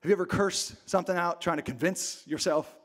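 A man's voice: sits high, fairly quick, a bit bright. A man preaching a dramatic sermon to a congregation, acting out the story in different voices and building to passionate peaks. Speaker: pastor. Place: church hall with a live congregation.

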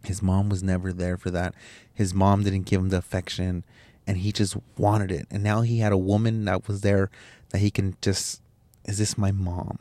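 A man's voice: low voice, little pitch movement, moderate pace, warm tone. A man hosting a podcast, telling a personal story in a candid, emotional way, swearing and restarting his sentences. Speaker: podcast host.

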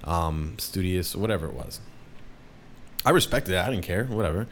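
A young man, a DJ, telling a rambling story in casual talk, swearing often and jumping up in pitch for quoted voices. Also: lively intonation, normal speed, fairly bright tone, slight background noise.

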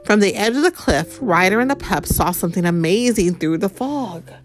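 A woman reading a picture book aloud to a child, gently explaining words and asking questions along the way. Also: medium pitch, animated, normal speed, soft background music. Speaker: storyteller.

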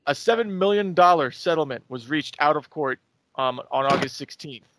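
A man's voice: fairly high pitch, expressive, moderate pace, fairly bright tone, dry recording. A young man co-hosting a podcast, recapping events in loose, profane casual chat. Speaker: podcast co-host.

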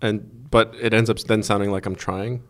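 A man co-hosting a casual podcast, talking in quick, animated rambles with lots of "like". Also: fairly low pitch. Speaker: podcast co-host, magazine writer. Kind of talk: casual chat.

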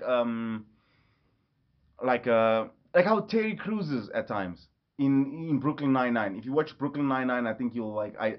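A man giving an enthusiastic, rambling casual vlog review, often correcting himself. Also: medium pitch. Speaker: movie reviewer. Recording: slightly dull lo-fi audio.

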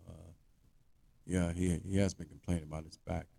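A man's voice: low-pitched, flat delivery, creaky, breathy edge, pitched below the performer's own voice, exaggerated voice. A man impersonating a mumbling, hesitant manager. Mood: evasive. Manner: hesitant, hushed, halting. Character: hesitant male workplace manager, mumbling excuses.

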